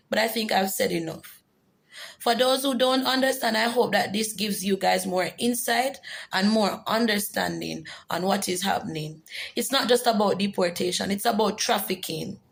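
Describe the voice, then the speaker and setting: A woman's voice: mid-range voice, vocal fry, fairly bright tone, rough recording. A woman giving an earnest, emotional personal testimony in a vlog. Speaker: vlogger.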